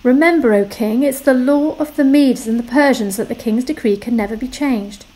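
Woman voicing flattering scheming courtiers, insistent, fairly high. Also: normal speed, close to an everyday voice, poor audio. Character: scheming male royal officials, flattering.

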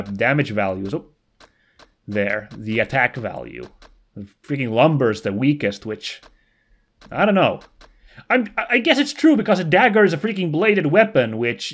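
A man's voice: mid-range voice, fairly bright tone. A young man casually commentating a game as he plays, rambling and correcting himself as he goes. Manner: rambling, self-correcting, chatty. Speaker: let's play host.

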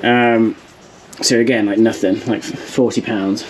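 A man's voice: on the low side, little pitch movement, unhurried, very noisy. Chatty English man vlogging. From England. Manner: chatty, full of ums and likes. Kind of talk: casual vlog narration while building.

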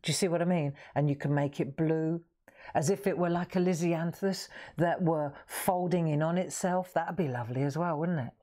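A woman's voice: deep voice, normal speed, mellow. A woman hosting a live coloring demonstration, chatting and asking viewers questions as she works. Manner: chatty, asks viewers questions, laughs often. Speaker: craft show host.

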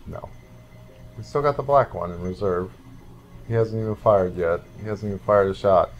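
A man's voice: on the low side, moderate pace, muffled recording. A man co-hosting a let's play, chatting casually and cracking absurd jokes. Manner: goofy, absurd joking. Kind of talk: casual gameplay banter.

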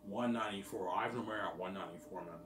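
Male vlogger, deep-ish voice, rambling profane monologue; roomy echo, faint ambient noise. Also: racing, far from the mic. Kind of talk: casual rambling monologue to viewers.

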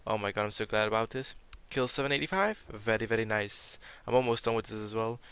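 Sick young man with a gravelly voice. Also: on the low side, fast talker. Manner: excitable, swears when surprised, reads out loot drops. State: sick, sounding a bit off. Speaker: gaming video creator. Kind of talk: casual game commentary over gameplay.

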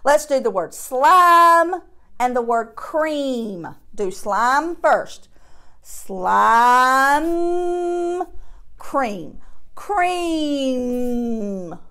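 Slow, patient woman teaching phonics. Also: sits high, lively intonation, bright, forceful tone. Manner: slow, drawn-out sounding of word parts; encouraging, patient classroom delivery. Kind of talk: phonics lesson for young children.

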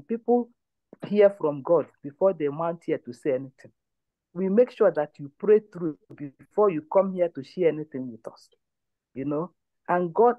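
A woman's voice: fairly low pitch, no echo, narrow, tinny audio. A woman leads a prayer line, giving testimony and exhortation in an emphatic, repetitive way. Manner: emphatic, repeats phrases.

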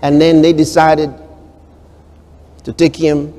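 A pastor preaches a sermon, shifting between quiet storytelling and booming declarations while acting out the voices he quotes. His voice is slightly high and monotone, his pace slow, and the sound carries through a large hall.

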